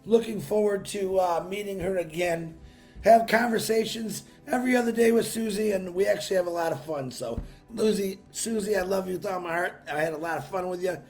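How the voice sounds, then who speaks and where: High-voiced, worn-out male livestream host. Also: brisk, soft background music. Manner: upbeat, calls out viewers by name with bursts of excitement. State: worn-out voice from a busy weekend. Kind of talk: live stream chat greeting viewers.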